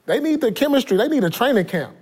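Excitable high-voiced man, sports banter. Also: fast talker, breathy edge. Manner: animated, teasing, repeats himself for emphasis. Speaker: podcast co-host. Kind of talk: casual sports talk.

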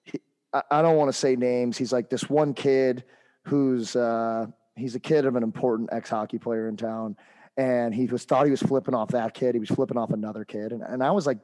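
A man's voice: medium pitch, steady tone, normal speed, dark tone. A man co-hosting a hockey podcast, telling a heated coaching story in casual chat with lots of fillers and restarts.

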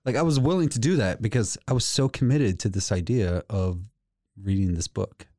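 A man telling a story in casual chat on a podcast, animated and laughing often. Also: lowish voice, moderate pace, no room sound, clean studio sound. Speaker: podcast co-host.

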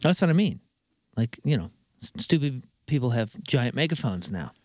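A man's voice: medium pitch, big pitch swings, normal speed, darkish tone, dry recording, studio quality. A man co-hosting a radio show, musing philosophically and laughing often. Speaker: radio co-host. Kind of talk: casual chat.

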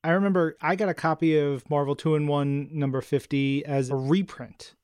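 A man's voice: on the high side, fairly even intonation, normal speed, a little mellow, smooth, no echo. A man co-hosting a podcast in a friendly way, reading listener emails and asking the guest questions. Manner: friendly, reads emails aloud. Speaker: podcast co-host. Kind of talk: casual podcast chat.

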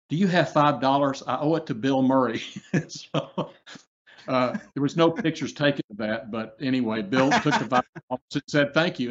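A man guest recounting anecdotes in a meandering, filler-heavy way. His voice sits at a middle pitch. The audio is a little dull and muffled. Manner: rambling with frequent fillers, quoting others. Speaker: guest, co-founder of a humor prize. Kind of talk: anecdotal storytelling.

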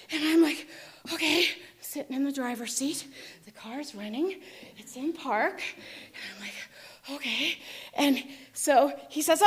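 High-voiced woman telling a dramatic story. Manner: vivid, dramatic retelling, shifting between hushed and shouting. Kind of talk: personal storytelling.

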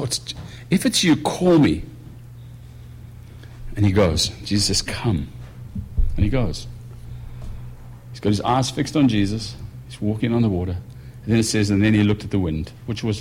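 A man preaching a sermon in a conversational way, moving between quiet musing and raised emphasis. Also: fairly low pitch, slight background noise. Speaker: pastor.

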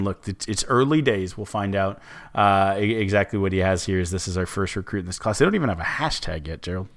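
A man's voice: low-pitched, a bit bright. A man co-hosting a casual sports podcast, rambling with many restarts and fillers. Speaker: co-host.

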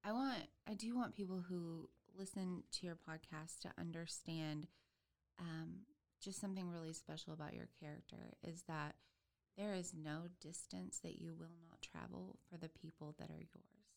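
A woman's voice: lowish voice, steady tone, moderate pace, vocal fry, darkish tone. A woman hosting a podcast interview, affirming her guest with many fillers and restarts. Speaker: podcast host. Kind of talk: casual interview chat.

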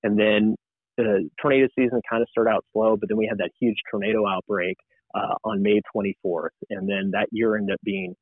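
On a casual podcast, a male TV meteorologist appears as a guest and tells animated stories, acting out the lines people said to him. He speaks briskly in a fairly low voice that sounds dry and tinny, as if over a phone line, with no echo.

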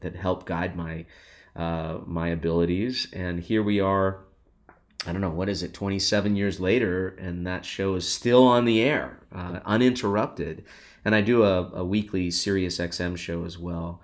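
A middle-aged man, a guest musician, talking in an interview in an earnest, reflective and grateful way. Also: deep voice. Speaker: guest musician and radio host. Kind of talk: conversational interview.

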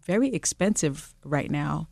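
Lively woman telling a story, dry sound. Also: deep voice, a little slow, gravelly, dry recording. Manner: animated storyteller, laughing often. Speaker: guest. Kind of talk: casual interview chat.

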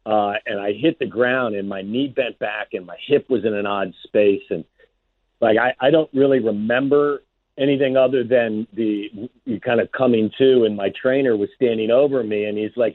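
A man's voice: lowish voice, normal speed, no echo, narrow, tinny audio. Ex-receiver guy calling into sports radio, sounds like a phone, dry, earnest storytelling. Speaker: guest analyst, former wide receiver.

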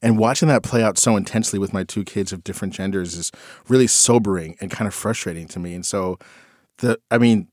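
A man in casual conversation, musing reflectively and recounting a story about his kids, getting animated when he quotes them. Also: lowish voice, fast talker, no room sound, clean studio sound. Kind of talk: casual chat.

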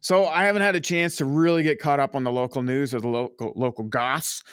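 A man's voice: medium pitch, fairly even intonation, brisk, a bit bright, clean tone, dry recording, studio quality. A man with a Canadian accent, co-hosting a casual podcast, rambling with lots of fillers and swearing. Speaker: podcast co-host. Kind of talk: casual profane banter.

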